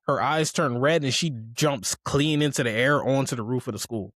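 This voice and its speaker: Lively man retelling an episode. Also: mid-range voice, moderate pace, dry recording. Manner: animated retelling, acting out characters' lines, profane slang. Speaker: podcast co-host. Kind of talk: casual anime recap chat.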